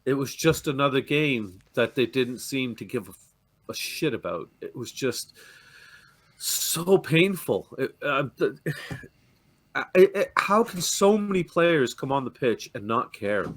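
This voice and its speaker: On a fan show, this downcast Canadian football supporter swears, rages and trips over his sentences, restarting them with stammers. He speaks slowly in a mid-range, animated voice during the heated discussion.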